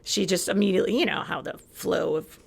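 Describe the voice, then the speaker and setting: A woman's voice: lowish voice, a little fast, gravelly, breathy edge. A woman from California, a podcast guest, telling a story animatedly and acting out both sides of each exchange. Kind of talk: casual chat.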